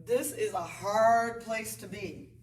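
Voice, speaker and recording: A woman's voice: medium pitch, slow, recorded from a distance. A woman yoga instructor guiding a beginner class, chatty and encouraging as she calls out breath cues. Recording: roomy, off-mic with faint ambience.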